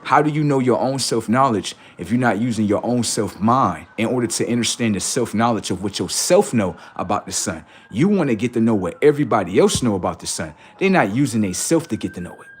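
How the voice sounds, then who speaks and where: A man's voice: fairly low pitch, lively intonation, fairly quick, hardly any pauses, slightly rough. Preachy man ranting on a livestream. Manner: preachy, rhetorical, acts out both sides of imagined exchanges; casual slangy speech, frequent swearing. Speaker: livestream host. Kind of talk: casual livestream monologue.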